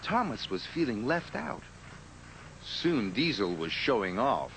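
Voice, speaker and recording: A man narrating a children's story in a lively, expressive scripted style. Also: medium pitch, a little slow, slight background noise. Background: music.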